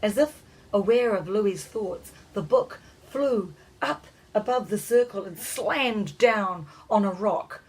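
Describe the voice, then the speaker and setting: A woman reading a children's storybook aloud, her voice breathy and soft-edged. Her pitch sits mid-range. She reads in a measured, expressive way. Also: low-quality recording. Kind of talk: scripted storybook narration.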